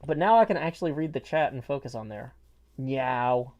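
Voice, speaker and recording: A man with a fairly high, very animated voice talks fast while livestreaming a game, his speech muffled by a mask over his face. He rambles playfully in casual chat, tossing in jokey asides.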